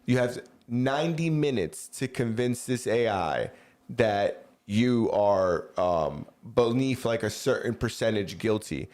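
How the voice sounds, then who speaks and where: Brief: male podcast co-host, mid-pitched voice, loose rambling delivery, casual chat. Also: expressive, takes it slowly, a little mellow. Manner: rambling storyteller, many fillers like "like" and "you know".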